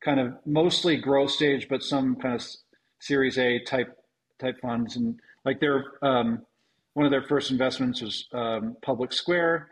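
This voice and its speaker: A man in a relaxed interview, speaking at a medium pitch. He pauses often with ums and restarts his sentences as he thinks aloud. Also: low-quality recording. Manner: halting, many ums and restarts. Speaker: venture investor guest. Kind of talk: conversational interview answers.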